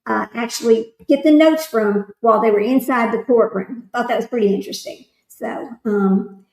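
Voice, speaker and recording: A woman's voice: fairly high pitch, normal speed, a little mellow. Chatty woman streaming from an echoey room. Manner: reads aloud, then chats loosely with viewers. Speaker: livestream host. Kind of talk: casual livestream commentary.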